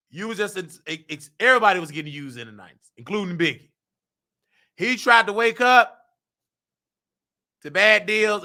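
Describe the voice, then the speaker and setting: A man hosting a casual commentary show, talking in an animated, preachy way and breaking into sung and recited lyrics. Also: high voice. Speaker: host.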